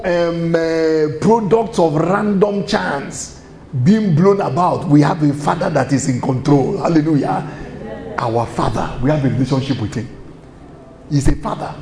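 A man's voice: a little high, a little mellow, reverberant, slight background noise. A man preaching a sermon, firing rhetorical questions and chuckling as he goes.

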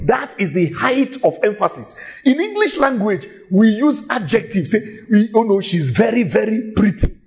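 A male preacher with a high voice that rises and falls widely. He delivers his sermon emphatically and stretches out key phrases. He repeats each point several times for stress. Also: big pitch swings, normal speed, vocal fry.

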